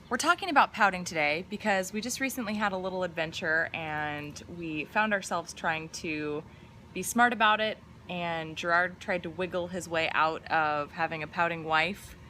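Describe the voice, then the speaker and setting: Young woman, co-host, casual chat, teasing, bright voice, faint background noise. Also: lowish voice, moderate pace. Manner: chatty, teasing, with fillers. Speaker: podcast co-host. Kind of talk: casual live-stream chat.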